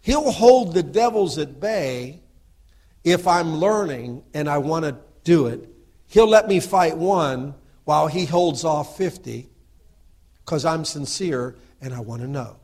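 A middle-aged man with a voice a little higher than most men's preaches a fervent, animated sermon, taking it slowly. He moves between murmured asides and loud, driving exhortation, constantly asking his listeners to agree.

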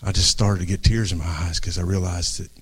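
Earnest pastor preaching. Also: male voice, low-pitched, steady tone, brisk, slightly rough. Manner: earnest, swings from hushed to raised, restarts phrases. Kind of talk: impassioned sermon. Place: church before a congregation.

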